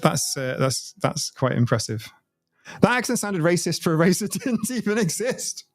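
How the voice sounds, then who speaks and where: A man's voice: high voice, sing-song, moderate pace, soft background music. A British man chatting casually on a livestream from home, rambling and laughing often. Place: at home, watching his stream on a TV.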